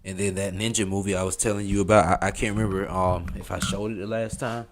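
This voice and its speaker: A man's voice: low-pitched, little pitch movement, quick pace, noisy background. A man in his thirties with a thick Southern US accent, rambling casually to his live-stream chat, full of slang and fillers.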